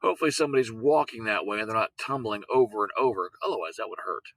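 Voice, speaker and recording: A man teaching a lesson, patient, repeating words and sounding them out slowly. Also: fairly low pitch, a bit bright, no echo, low-quality recording. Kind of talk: recorded classroom lesson on syllables.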